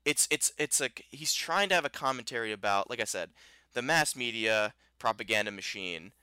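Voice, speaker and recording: A man's voice: medium pitch, expressive, moderate pace, bright, forceful tone, smooth, no echo. A man co-hosting a podcast, chatting casually and animatedly about a film, rambling with many restarts. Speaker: podcast co-host. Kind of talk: casual film review chat.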